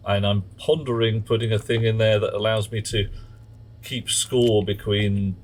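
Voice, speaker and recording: A man's voice: fairly low pitch, fairly even intonation, unhurried. A man streaming a game live, chatting casually and muttering at in-game objects.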